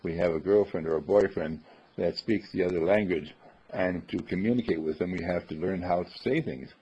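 A man's voice: deep voice, moderate pace, mellow, slightly rough. A man giving a rambling, folksy spiritual talk, acting out the quotes he tells. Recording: dull lo-fi recording.

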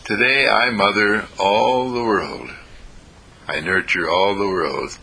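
Man, gentle repetitive affirmations, husky and gravelly, bright tone, low pitch. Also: takes it slowly. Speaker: inspirational speaker. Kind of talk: guided affirmation talk.

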